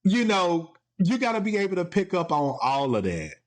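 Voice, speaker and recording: A man's voice: sits high, big pitch swings, moderate pace. A man hosting a casual solo podcast from home, playful and laughing often as he talks. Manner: playful, laughs often, quotes TV clips in put-on voices. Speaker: podcast host.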